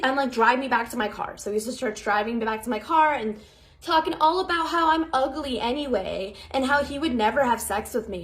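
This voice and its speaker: A young woman in her twenties telling a storytime to camera, animated and blunt, swearing freely. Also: high voice. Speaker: TikTok storyteller. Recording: music bed underneath.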